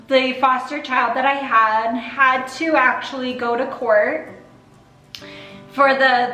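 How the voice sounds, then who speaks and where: A woman's voice: sits high, bright, forceful tone, reverberant, poor audio. A woman in her thirties answering viewer questions in a casual vlog, earnest and open about fostering, at times holding back tears. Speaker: vlogger, foster and adoptive mother.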